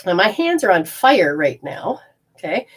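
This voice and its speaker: A woman with a somewhat low voice runs a live energy healing session. She rambles, restarts her sentences and talks through hands-on techniques step by step. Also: very animated, a little slow, breathy edge. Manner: rambling, self-interrupting, explains hands-on techniques. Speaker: energy healer.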